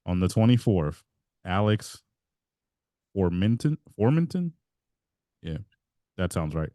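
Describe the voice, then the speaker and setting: Very deep-voiced man, rambling storyteller. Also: unhurried, warm tone, clean tone, no echo, studio quality. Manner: rambling, self-interrupting storyteller who laughs mid-sentence. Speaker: podcast co-host. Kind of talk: casual chat.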